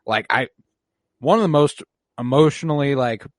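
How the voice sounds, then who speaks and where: A man's voice: mid-range voice, moderate pace. A man co-hosting a podcast, reviewing a film in an easygoing chat. His voice sits in a middle range, and the sound is dry and close with no room echo. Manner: laid-back, swearing, acts out characters' lines. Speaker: podcast co-host. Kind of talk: casual movie review chat.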